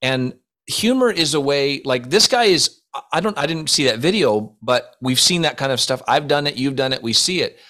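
A man's voice: mid-range voice, expressive, normal speed, few pauses, pushed and bright. Man telling mock-solemn stories. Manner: mock-solemn storytelling, laughing through his own jokes. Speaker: podcast co-host. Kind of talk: casual comedic chat.

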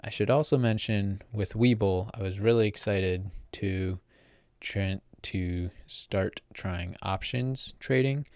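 A man's voice: lowish voice, slow pace, a little mellow, no echo, clean studio sound. An eighteen-year-old young man telling a casual story in a rambling way, full of fillers and restarts. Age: teens. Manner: rambling, filler-heavy, self-correcting. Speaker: vlogger.

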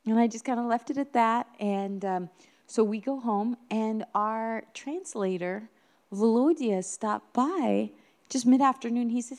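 A woman's voice: on the high side, a little slow, darkish tone. A woman minister preaching a sermon in an earnest, emphatic way, building her points with repeated phrases.

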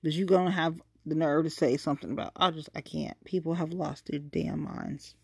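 A woman's voice: low-pitched, steady tone, moderate pace, gravelly, a little mellow, husky. A woman ranting casually and directly to her listeners, profane and exasperated. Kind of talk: casual rant monologue.

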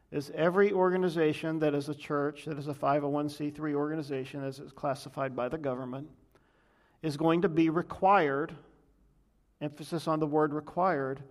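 Emphatic preaching man, slightly high voice. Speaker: pastor. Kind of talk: sermon.

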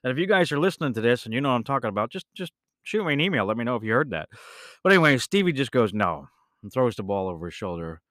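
Animated man telling a story. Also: mid-range voice, racing, dry recording, clean studio sound. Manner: animated, rambling, with self-corrections and bursts of laughter. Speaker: podcast host. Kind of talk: casual storytelling monologue.

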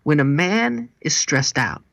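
A pastor and marriage seminar speaker, an animated storyteller who acts out the people he quotes. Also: a little high, slow pace, creaky, lo-fi sound. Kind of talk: interview guest.

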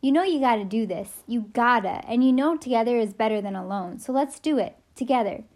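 A woman's voice: on the high side, lively intonation, a little fast, darkish tone, natural voice. A woman voicing an intense, loyal teenage boy with attitude in an audiobook. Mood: earnest. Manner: earnest with attitude.

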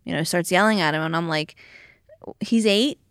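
A woman's voice: low voice, quick pace, clear, resonant tone, no room sound, clean studio sound. A woman in her thirties in casual chat as a podcast host, telling stories animatedly and acting out quotes. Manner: animated storytelling, acts out quotes loudly.

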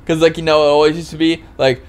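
This Oregon man co-hosts a podcast, drifting through loose, casual chat with plenty of laughter and free swearing. His voice is fairly high and level in tone, clear and resonant, and he talks fast.

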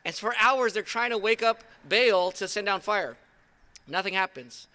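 A man delivers an outdoor sermon in a high, bright voice. He tells the stories conversationally, with an animated pulse that leans toward his listeners. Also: measured pace. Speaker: pastor. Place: outdoor service.

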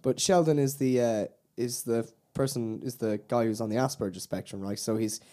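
A man chatting casually as a podcast co-host, his voice mellow and relaxed. He rambles from point to point, quotes lines and laughs often, at a middle pitch. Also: moderate pace. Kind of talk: casual chat.

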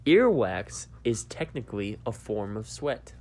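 A man's voice: lowish voice, big pitch swings, a little slow, a little mellow, a little hiss or hum. A young man co-hosting a podcast in casual comedic chat, laid-back, saying "dude" and "bro" and laughing easily. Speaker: podcast co-host.

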